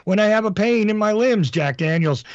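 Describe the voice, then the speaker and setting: A man's voice: sits high, lively intonation, normal speed, no echo. A man co-hosting a casual call-in show from home, rambling and teasing with jokes. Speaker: co-host, timekeeper. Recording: dull, lo-fi remote line.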